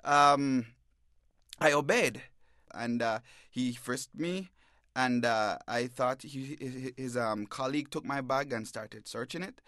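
A man, a reporter, giving an interview and telling what happened to him in a halting way, stammering and repeating words. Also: mid-range voice, bright, forceful tone, dry recording, studio quality. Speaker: newspaper reporter, interview guest. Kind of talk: emotional first-person account. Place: radio bureau studio.

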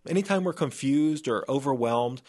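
A man of middling pitch speaks as a scientist guest on a radio interview. He explains things earnestly, often stumbling and restarting mid-sentence. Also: lively intonation, moderate pace, a little mellow. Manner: earnest, with frequent restarts and fillers.

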